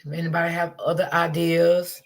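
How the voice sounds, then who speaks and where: A woman's voice: lowish voice, flat delivery, brisk. A woman hosting a casual livestream, talking to her chat and greeting viewers by name. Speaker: livestream host.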